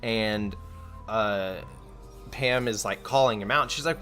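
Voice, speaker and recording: A man's voice: fairly low pitch, measured pace, a bit bright, faint music behind. A young man streaming, chatting casually and rambling with frequent fillers, restarts and laughs. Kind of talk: casual chat.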